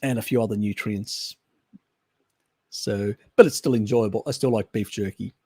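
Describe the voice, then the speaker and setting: A man's voice: on the low side, steady tone, normal speed, darkish tone, husky, no room sound, clean studio sound. An Australian man hosting a live stream, chatting loosely and answering viewer questions with restarts and chuckles. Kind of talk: casual chat, reading and answering viewer questions.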